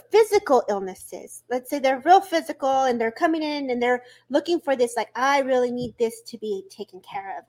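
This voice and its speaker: Woman with a high voice, upbeat and encouraging co-host of a healing chat. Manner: animated and encouraging, warm spiritual talk. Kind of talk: casual spiritual chat.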